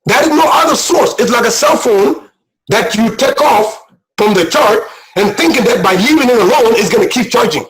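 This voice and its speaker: A man's voice: high-pitched, lively intonation, normal speed, low-quality recording. A man preaching a sermon as a guest speaker, impassioned and repetitive, at times near tears. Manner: impassioned, repetitive, rising to shouts.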